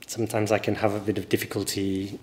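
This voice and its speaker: A man with a mild northern English accent, a teacher giving a relaxed guest interview and telling stories thoughtfully at length. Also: on the low side, fast talker. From northern England. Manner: thoughtful, anecdotal, explains at length.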